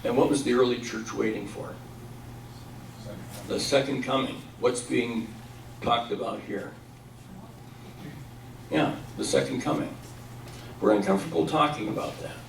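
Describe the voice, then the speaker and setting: A man's voice: medium pitch, a little slow, gravelly, long pauses, a little hiss or hum. Man lecturing in an echoey church hall. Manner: asks the room questions and answers them. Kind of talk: Bible study lecture. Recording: echoey room, mic at a distance.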